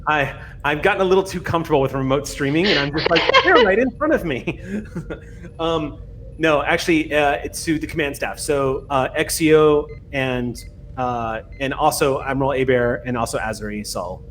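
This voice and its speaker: A man narrating a tabletop role-playing game as game master, relaxed and often laughing. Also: medium pitch, a little fast, slight background noise.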